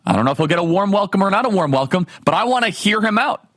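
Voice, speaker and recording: Male political talk host, emphatic, fairly high voice, dry close sound. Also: fast talker, no room sound. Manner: emphatic, rhetorical questions, animated. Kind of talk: fiery political commentary monologue.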